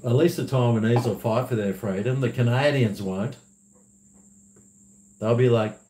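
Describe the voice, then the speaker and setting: A man hosts a livestream in a loose, rambling way, laughing often as he reads out viewer messages. His voice sits at an ordinary middle pitch. The room gives it a noticeable echo. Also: moderate pace, pauses often, dark tone. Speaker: livestream host. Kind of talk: casual livestream chat, reading viewer messages. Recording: roomy echo.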